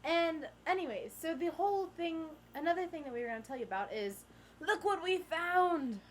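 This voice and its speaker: A teenage girl tells a story to her camera in a high voice that swoops up and down. She acts out everyone in the tale with lively energy, over a faint hum of room ambience. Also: fast talker. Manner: animated, acts out the people in the story. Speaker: vlogger. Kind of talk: casual storytelling chat.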